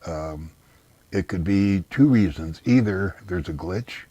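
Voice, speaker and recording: Deep husky man, blunt and rambling. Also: takes it slowly, dark tone, no room sound, lo-fi sound. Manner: blunt, dismissive, long rambling explanations. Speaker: interview guest. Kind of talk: casual conversational interview.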